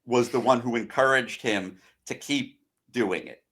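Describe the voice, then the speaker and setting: An American man talks movies with friends in a loose, unhurried chat. His voice sits at an ordinary middle pitch, and he gives long, rambling explanations that wander from point to point. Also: fairly bright tone. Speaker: podcast co-host or guest. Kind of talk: casual film-discussion chat.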